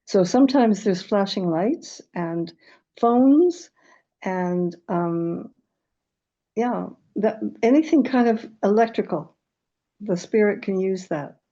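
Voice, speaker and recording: A woman, a medium and author, telling stories calmly and reflectively in an interview, with small stumbles. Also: mid-range voice, slow, dull audio. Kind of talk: conversational interview.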